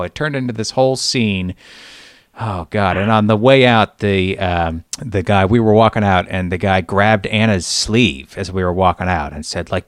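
A man's voice: lowish voice, moderate pace, dry recording, clean studio sound. A middle-aged man hosting a podcast, telling stories in a wry, exasperated way during casual chat. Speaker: podcast host.

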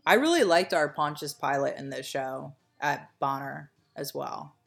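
Woman, low pitch, rambling casual chat, lots of fillers, trails off. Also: lively intonation, unhurried, gravelly, a bit bright, soft background music. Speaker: podcast co-host.

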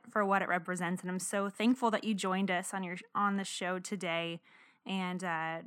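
A woman's voice: mid-range voice, a bit bright, dry recording, clean studio sound. A young woman hosting an interview show, earnestly questioning and thanking her guest. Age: young adult. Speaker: show host. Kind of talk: interview talk.

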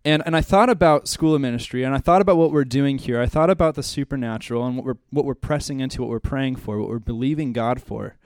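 Earnest pastor, dry close sound. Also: male voice, medium pitch, fast talker, few pauses, smooth, dry recording. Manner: earnest, heartfelt storytelling that turns to quiet prayer. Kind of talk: church class welcome and prayer. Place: church classroom.

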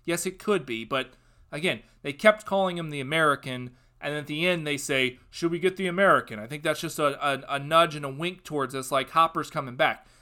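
Young man, podcast host, bright forceful voice, sarcastic, ranting, casual review. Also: on the high side, a little fast. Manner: ranting, sarcastic, gets loud and worked up.

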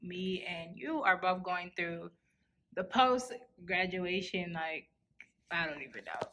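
A woman in her twenties in casual conversation, talking in a relaxed, reflective way. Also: lowish voice, slow pace. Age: 20s. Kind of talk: casual chat.

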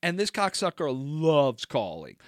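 A man with a New Jersey accent, co-hosting a podcast, telling a story in an animated, profane way. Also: fairly high pitch, measured pace, no echo, clean studio sound. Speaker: podcast co-host. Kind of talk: casual chat.

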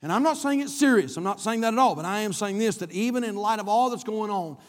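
A man's voice: high voice, lively intonation, fast, in a large hall. A male pastor delivering an emphatic, repetitive sermon in a church, swinging his delivery up and down. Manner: emphatic, repetitive preaching with rising and falling delivery. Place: church sanctuary, live-streamed.

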